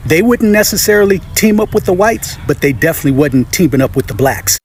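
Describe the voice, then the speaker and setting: A man's voice: high-pitched, expressive, brisk, hardly any pauses, a little hiss or hum. A man telling a true story in a matter-of-fact, pointed way. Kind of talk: storytelling monologue.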